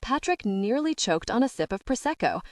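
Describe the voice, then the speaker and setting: A woman's voice: fairly high pitch, big pitch swings, normal speed, a little mellow, no room sound. A woman narrating an audiobook with a wry storytelling manner, close to the mic. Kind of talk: scripted narration.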